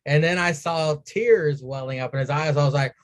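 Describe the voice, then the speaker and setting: Man, podcast co-host, casual chat, animated, swears a lot, fairly high voice. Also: moderate pace. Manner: animated, swearing, acts out his own reactions.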